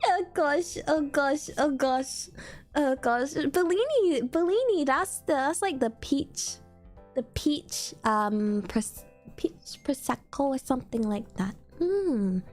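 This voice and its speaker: A British woman chats on a stream in a very high, lively voice that swoops up and down. She talks unhurriedly and bursts into giggles, excitable and playful, with faint music underneath. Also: takes it slowly. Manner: giggly, excitable, breaks into loud laughter. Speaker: streamer host. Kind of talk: casual chat on a stream.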